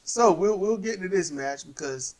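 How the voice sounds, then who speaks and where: A man casually recapping wrestling matches as a co-host, telling it in an animated way and acting out the wrestlers. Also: moderate pace. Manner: animated storyteller, acts out wrestlers in high voices.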